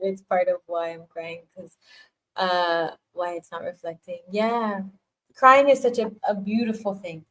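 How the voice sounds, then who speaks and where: A woman's voice: mid-range voice, poor audio. Woman doing a chatty live tarot reading, laughs a lot, keeps saying keep going, drops the odd swear. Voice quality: animated, laughs often, warm encouraging repetitions. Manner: swears casually, talks straight to the viewer. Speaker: tarot reader.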